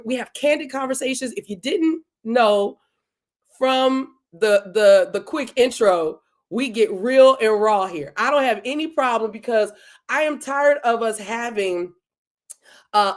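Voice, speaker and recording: A woman hosting a live-streamed podcast, effusively greeting her chat viewers by name in a casual, animated way. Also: mid-range voice. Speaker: podcast host. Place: home, Delaware.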